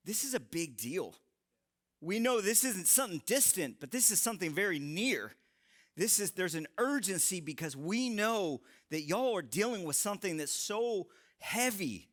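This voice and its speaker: High bright-voiced male preacher. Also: normal speed. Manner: animated, joking storytelling. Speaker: young adult ministry speaker. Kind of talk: live sermon to a young adult audience. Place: large room with live audience.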